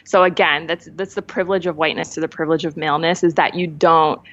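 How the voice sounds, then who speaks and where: Woman, low voice, candid casual talk, frequent laughs, slightly dull lo-fi sound. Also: fairly even intonation. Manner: candid, laughs often, speeds up and slows down. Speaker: podcast guest. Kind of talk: casual conversation.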